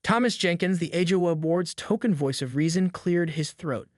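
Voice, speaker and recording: A man's voice: a little high, normal speed, no echo, clean studio sound. A man narrating a dramatic scripted story about a neighborhood dispute.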